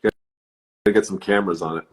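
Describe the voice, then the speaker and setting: A man's voice: deep voice, fairly even intonation, normal speed, low-quality recording. A man chatting casually as a podcast guest, easygoing and laughing often. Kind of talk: casual chat.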